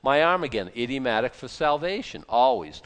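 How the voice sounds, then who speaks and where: A man preaching a Bible sermon in a conversational, animated way, often restarting and breaking into asides. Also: medium pitch, normal speed. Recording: long hall reverb.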